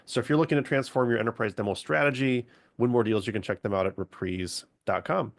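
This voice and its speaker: A man's voice: mid-range voice, fast talker, vocal fry. A man moderating a video-call webinar, giving upbeat scripted introductions with a few fillers.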